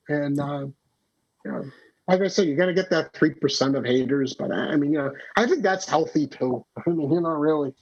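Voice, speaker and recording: A man with a husky, slightly high voice talks loosely and rambles, looping back through fillers and restarts as he shares his thoughts. The podcast audio sounds dull and lo-fi. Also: a little fast. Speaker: storyteller and comedian, podcast guest. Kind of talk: casual conversational interview.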